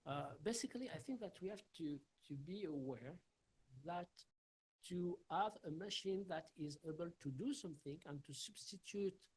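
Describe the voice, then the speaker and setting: Husky halting man lecturing. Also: on the high side, lively intonation, rough recording. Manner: halting, many fillers and restarts. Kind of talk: academic Q&A answer.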